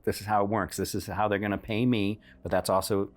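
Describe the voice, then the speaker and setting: A woman's voice: extremely low pitch, flat delivery, brisk. A man voicing a cornered, nervous but stubborn female bounty hunter who pleads and stumbles over her words in a tabletop game. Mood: flustered.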